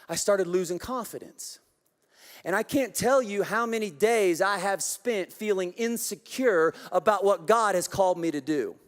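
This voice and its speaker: A man preaching a sermon as pastor, passionate, leading the congregation in call-and-response. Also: high-pitched. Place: large church auditorium. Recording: long hall reverb from a church auditorium. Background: congregation in the room.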